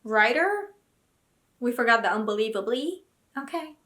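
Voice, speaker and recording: A woman's voice: fairly high pitch, expressive, normal speed, fairly bright tone. A young woman vlogging about books, talking casually and animatedly with dramatic, indignant outbursts. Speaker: book vlogger. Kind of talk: casual reaction vlog.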